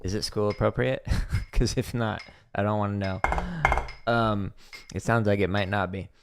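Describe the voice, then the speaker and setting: A man's voice: on the low side, steady tone, moderate pace, heavy background noise. A man hosting a drumming livestream, chatting casually between practice and laughing often as he mocks the voices of commenters. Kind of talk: casual chat while practicing. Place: home practice room with drums.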